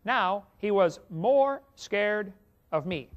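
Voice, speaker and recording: A man's voice: high voice, animated, slow pace. A male evangelist preaching to an audience, telling a folksy story and speaking to the listeners directly. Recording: dull lo-fi recording.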